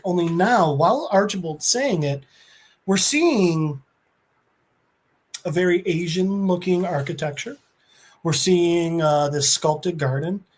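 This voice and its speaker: A man co-hosting a podcast and eagerly retelling a comic book's story in casual chat. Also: a little high. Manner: animated, enthusiastic storyteller. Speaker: podcast co-host.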